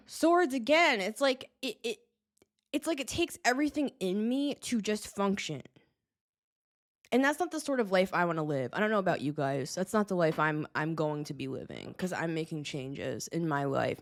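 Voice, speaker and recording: Agitated rambling woman tarot reader. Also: lowish voice. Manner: rambling, agitated, swearing, laughing often. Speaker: tarot reader, show host. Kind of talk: casual tarot reading vlog.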